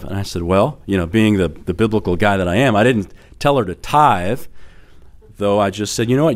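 A man's voice: lowish voice, moderate pace. A middle-aged man preaching a sermon as pastor, telling stories in a conversational way with fillers and light laughter.

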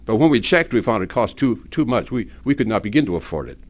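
A man's voice: fairly low pitch, big pitch swings, fast. A preacher putting on a poor young male dental student in a sermon joke, plain and earnest, his voice rising and falling a lot as he tells how little money they had.

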